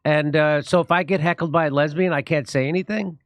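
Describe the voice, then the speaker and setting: A man's voice: on the high side, steady tone, fairly quick, no echo. A man hosting a casual podcast chat, asking his guest questions and repeating words as he starts sentences. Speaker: podcast host, comedian.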